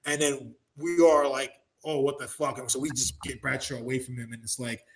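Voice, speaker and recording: A man telling a rowdy backstage story as an interview guest, swearing freely and acting out the people in it with loud shouts and laughter. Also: mid-range voice, steady tone, brisk, slight background noise, rough recording. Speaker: interview guest, former wrestler. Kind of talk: animated storytelling.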